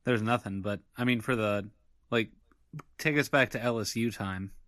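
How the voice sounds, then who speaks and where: A man's voice: on the low side, fairly even intonation, normal speed, a bit bright, no echo. A man co-hosting a casual sports podcast with a dry, sarcastic, downbeat manner. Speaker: podcast co-host.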